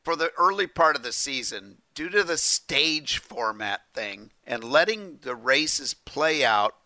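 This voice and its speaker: A man co-hosting a racing talk show, sounding animated and jokey. His voice is gravelly and very bright, and it swings widely in pitch. The sound is close and dry. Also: no echo. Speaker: podcast co-host. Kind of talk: casual sports talk.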